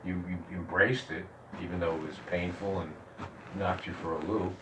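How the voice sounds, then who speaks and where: A male therapist speaking calmly and reassuringly, offering steady support to his client. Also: low-pitched, normal speed, a little hiss or hum. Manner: calm, reassuring. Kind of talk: supportive counseling. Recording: roomy and distant with faint ambience.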